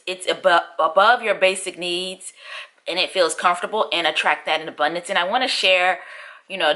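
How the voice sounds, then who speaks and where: A chatty woman in her thirties talking to her viewers in a casual vlog. Her voice is bright and forward, and she laughs often as she catches them up on her life. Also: lowish voice. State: out of breath. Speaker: vlogger. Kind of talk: casual chat to camera.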